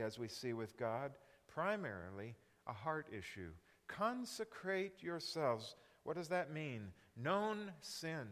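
A man teaching a Bible lesson as a sermon, animated and often putting questions to his listeners. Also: a little high, in a large hall. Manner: animated, asks the audience questions.

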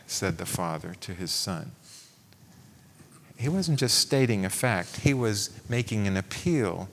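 A man's voice: fairly low pitch, animated, a little slow, big-room sound. A man preaching a sermon, posing rhetorical questions and reading scripture aloud.

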